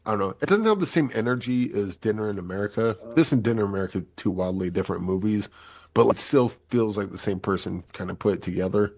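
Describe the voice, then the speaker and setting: Animated man reviewing movies. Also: on the low side, fast. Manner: animated, acts out quotes. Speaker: podcast host. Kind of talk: casual movie review chat.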